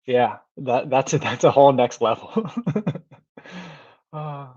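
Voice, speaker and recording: Easygoing man hosting a livestream, chatting casually through viewer comments, laughing often and trailing off before he restarts his sentences. His voice sits at an ordinary middle pitch. It is recorded close and dry, with a slightly dull, muffled sound. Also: takes it slowly, darkish tone, dry recording. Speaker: livestream host.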